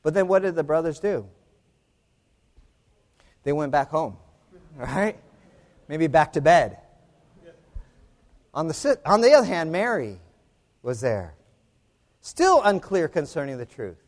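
Male preacher, animated sermon, slightly high voice, lively, long hall reverb. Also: takes it slowly, pauses often. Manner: animated, rising to emphatic peaks, with rhetorical "right?".

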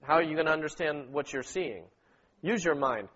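A man's voice: on the high side, moderate pace, fairly bright tone, highs cut off. A man leading a church meeting, preaching and prompting the group to read verses aloud together, often asking "okay?" and answering "amen.". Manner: exhorting, repeats words, prompts the congregation with "okay?" and "amen". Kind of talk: sermon with group scripture reading.

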